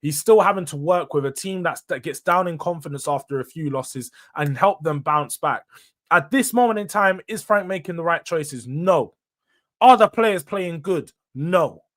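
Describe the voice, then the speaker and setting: A man's voice: fairly high pitch, lively intonation, moderate pace. A young man, hosting a casual solo football review; blunt and opinionated, full of slang, firing off questions and answering them himself. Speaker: football channel host.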